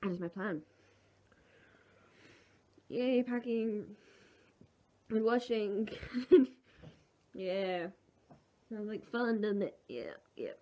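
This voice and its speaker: A woman's voice: mid-range voice, very slow, pauses often, highs cut off. A young woman with a sore throat, chatting casually and rambling through her plans in a home vlog. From England. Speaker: vlogger. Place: at home, indoors.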